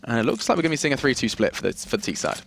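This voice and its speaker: A man's voice: mid-range voice, wildly swooping pitch, rapid-fire, gravelly, fairly bright tone, a little hiss or hum. A man giving live esports commentary on a headset mic, analytical in tone and speeding up when the action builds.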